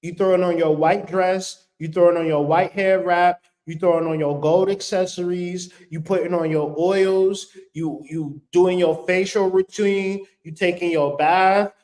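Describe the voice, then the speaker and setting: Casting: high-voiced man, casual spiritual adviser, blunt, cursing and joking. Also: fairly even intonation, unhurried, few pauses, darkish tone. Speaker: spiritual vlogger. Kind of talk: casual spiritual advice talk.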